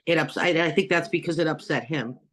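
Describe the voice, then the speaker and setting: A woman hosting a talk show over a video call, chatty and quick to laugh. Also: low voice, a bit bright. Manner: chatty, laughs between stories. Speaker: host. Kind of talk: casual chat.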